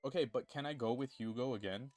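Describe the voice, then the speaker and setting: Dude doing a lets play, jokey, reading all the lines out, soft game music underneath. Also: male voice, mid-range voice, fast. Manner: animated, jokey, switches between character voices. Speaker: gaming YouTuber. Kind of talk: let's play, reading game dialogue aloud.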